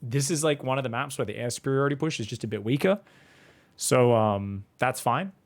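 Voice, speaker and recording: A man's voice: mid-range voice, lively intonation, a little fast. A man, casually commentating a strategy game and chatting with viewers in a rambling, laid-back way. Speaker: StarCraft coach and streamer.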